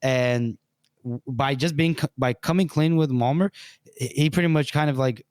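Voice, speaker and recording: A man's voice: medium pitch, moderate pace, darkish tone, no room sound, studio quality. A man hosting a book podcast, rambling with fillers as he steers the segments. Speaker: podcast host. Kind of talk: casual book discussion.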